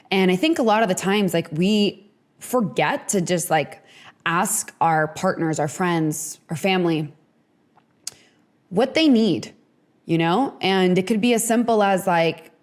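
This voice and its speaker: A woman's voice: fairly low pitch, unhurried. A young adult woman hosting a casual advice podcast, talking in a chatty way with lots of "like" and "you know". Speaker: podcast host.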